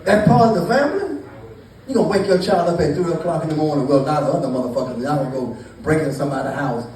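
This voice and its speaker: A man's voice: a little high, steady tone, very fast, warm tone. A man doing stand-up storytelling to a live crowd, loose and profane, teasing the audience. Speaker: stand-up comedian. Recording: echoey, distant mic with noise.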